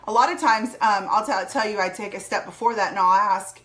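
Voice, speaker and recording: Bright, upbeat woman team leader; instructive coaching talk, firm repeated key lines. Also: mid-range voice, fairly quick. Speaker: sales team leader and trainer. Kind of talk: recorded training talk.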